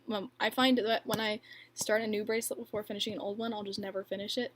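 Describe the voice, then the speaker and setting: A woman's voice: mid-range voice, a little hiss or hum. A young woman hosting a casual livestream, reading viewer questions and answering in a chatty, filler-heavy way with frequent laughs. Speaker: livestream host and bracelet maker.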